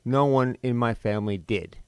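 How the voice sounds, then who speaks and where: A middle-aged man speaks in a plain, mid-pitched voice, recorded close and dry with no room sound. He tells his own story bluntly and with open bitterness. He pauses suddenly for emphasis. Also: clear, resonant tone, dry recording. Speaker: podcast host. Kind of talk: personal storytelling monologue.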